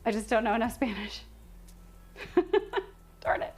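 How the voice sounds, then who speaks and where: A young woman hosting a cooking livestream from her home kitchen, chatting casually with viewers, self-deprecating and quick to laugh. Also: a little high, sing-song, husky, faint music behind. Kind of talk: casual chat with live viewers while cooking.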